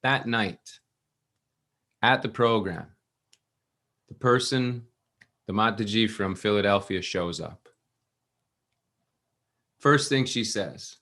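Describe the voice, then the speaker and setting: A man giving a scripture class at a temple, telling a story with lively restarts and acted-out quotes. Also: lowish voice, slow pace, long pauses. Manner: animated, restarts, acts out quotes.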